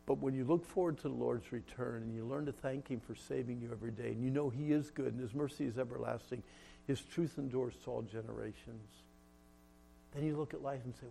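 A middle-aged man preaching a sermon, telling a personal story with shifts between loud, laughing moments and hushed, solemn ones. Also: medium pitch, fairly quick, vocal fry, slight background noise.

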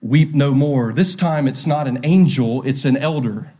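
A man's voice: mid-range voice, unhurried, mellow, slightly rough. A male pastor preaching a sermon, asking rhetorical questions and repeating key phrases.

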